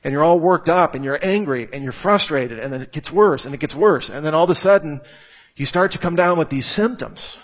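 Man, sermon, emphatic preacher, repeats phrases, slightly high voice. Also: brisk. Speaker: pastor. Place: church hall with a live audience.

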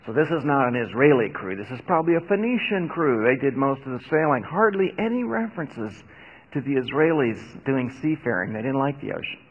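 A man's voice: medium pitch, animated, a little fast. A man preaching a sermon in a conversational way, with wry asides. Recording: dull, echoey hall recording.

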